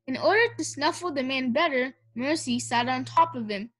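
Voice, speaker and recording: A woman narrating a children's storybook aloud, expressive and playing the characters. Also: high voice, normal speed. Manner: expressive, does character voices. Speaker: audiobook narrator.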